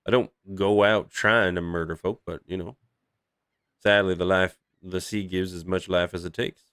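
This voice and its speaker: A humble, polite old half-elven sea captain who hems and apologizes as he speaks, played by a game master. The voice is very low and recorded dry and close. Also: steady tone, moderate pace, a bit bright, smooth, no room sound. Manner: hesitant, apologetic, full of uhs.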